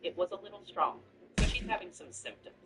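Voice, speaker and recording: A man voicing a calm woman nurse who reassures the family in a matter-of-fact way. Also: high-pitched, brisk, gravelly, voice pushed up, exaggerated voice. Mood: reassuring. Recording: distant mic with background music.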